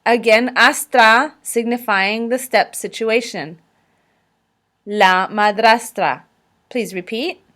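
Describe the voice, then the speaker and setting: A woman teaching vocabulary in a recorded slideshow lesson, speaking carefully and pausing for listeners to repeat. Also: a little high, fairly bright tone. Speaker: language teacher.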